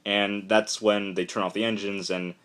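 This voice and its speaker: A young man giving a casual, rambling spoken review of a comic, retelling the plot excitedly with lots of fillers. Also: on the low side, normal speed.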